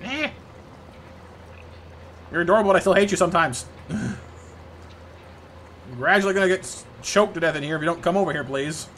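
A man's voice: a little high, fast talker, long pauses, a bit bright, a little hiss or hum. A man streaming live gameplay, chatting playfully with viewers and reacting to the game.

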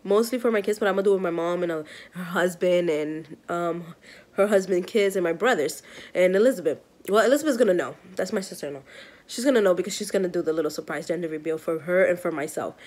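A pregnant woman in her thirties from New York, chatting excitedly to camera in a rambling, giggly way. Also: fairly low pitch, fast. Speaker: vlogger, mother of five. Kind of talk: casual vlog chat to camera.

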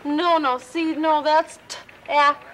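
A woman's voice: sits high, fairly even intonation, slow, a bit bright, slight background noise, low-quality recording. A woman playing a flustered mother who pleads with a police sergeant to find her missing little boy, in a 1970s children's TV sketch. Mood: anxious. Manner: frantic, pleading.

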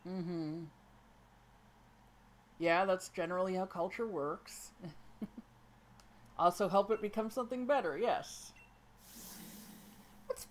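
A woman's voice: lowish voice, a little hiss or hum. Playful woman commenting on a game. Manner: playful, reads game dialogue aloud in put-on voices. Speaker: let's play host. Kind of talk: casual gameplay commentary.

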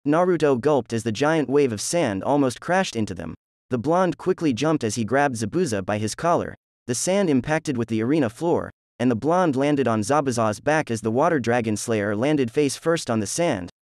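A man's voice: mid-range voice, lively intonation, moderate pace, a little mellow, no echo. Man narrating a fan story, dry sound. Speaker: fan fiction reader.

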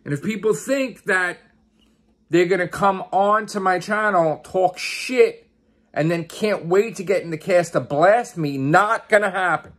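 A man's voice: high voice, unhurried, a bit bright. A man who hosts a YouTube channel and podcast, giving an exasperated, profane rant and repeating his questions. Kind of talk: angry ranting vlog.

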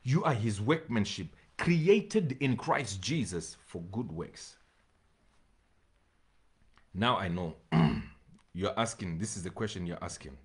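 A man preaching a sermon to his congregation, reading scripture slowly and repeating phrases for emphasis, sometimes pleading with his listeners. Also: on the low side, animated. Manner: addresses congregation directly, pleading. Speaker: pastor.

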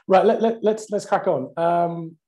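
Male webinar host, mellow tone, breezy and jokey delivery. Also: high voice, steady tone, a little slow. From United Kingdom. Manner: upbeat and jokey, with frequent restarts. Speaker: company CEO, webinar host. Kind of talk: casual webinar hosting.

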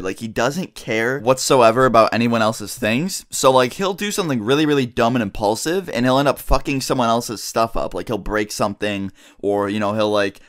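A young man telling a story to his viewers in a casual, rambling way, swearing often and saying "like" a lot. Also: mid-range voice. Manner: rambling and profane, heavy use of "like". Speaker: vlogger.

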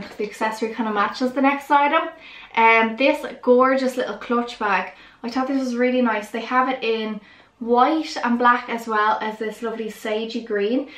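A young woman talks eagerly to her viewers, gushing over each new piece. Her voice sits a little high, and the room around her is echoey. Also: a bit bright. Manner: chatty and enthusiastic, lots of "really, really". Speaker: vlogger. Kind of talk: casual haul vlog chat.

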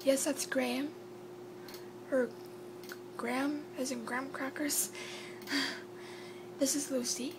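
Woman host, casual and apologetic, high voice, steady hum on the recording. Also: slow, pauses often. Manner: chatty and apologetic, drops to a whisper at times. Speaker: video host. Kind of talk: casual chat. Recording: clear background hum.

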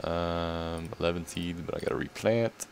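A man giving casual, rambling commentary while playing a game, excitable and laughing often. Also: low voice, moderate pace, vocal fry, a little hiss or hum. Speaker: gaming video creator.

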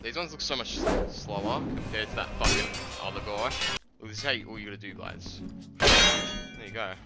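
A man with an Australian accent giving sweary gameplay commentary, excitable and yelling at enemies. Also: fairly low pitch, normal speed. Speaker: gaming video host. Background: loud game music.

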